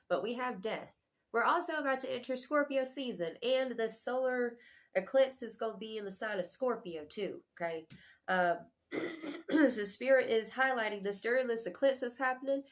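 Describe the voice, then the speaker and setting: A young adult woman giving a casual tarot reading, slangy and affectionate, swearing freely and calling the listener boo-boo. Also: mid-range voice. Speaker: tarot reader.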